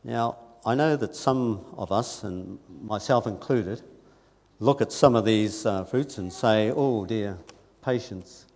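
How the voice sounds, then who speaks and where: An earnest man preaching in a church. His delivery is conversational, with quiet asides and emphatic rises. His voice rings with a long reverb from the hall. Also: lowish voice, a little slow, creaky. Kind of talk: sermon.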